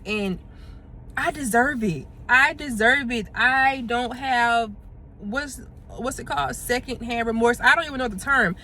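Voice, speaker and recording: A woman's voice: a little high, sharp tone, a little hiss or hum. A woman, vlogging casually while running errands, chatty and heartfelt. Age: 20s. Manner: chatty and heartfelt, drifts into sung lines and praise. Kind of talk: casual vlog chat to camera. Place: out and about running errands, in a car and stores.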